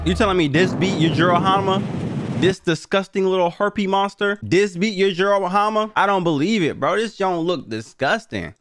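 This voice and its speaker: A young man streaming his reaction to a video, joking and swearing loudly and talking to his chat. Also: high voice, normal speed, noisy background. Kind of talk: casual reaction commentary.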